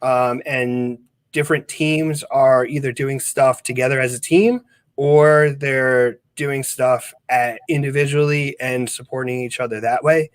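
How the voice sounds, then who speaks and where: A man's voice: mid-range voice, fairly even intonation, measured pace, clear, resonant tone, no room sound. A man co-hosting a podcast in casual chat, rambling along with lots of fillers and restarts. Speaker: podcast co-host.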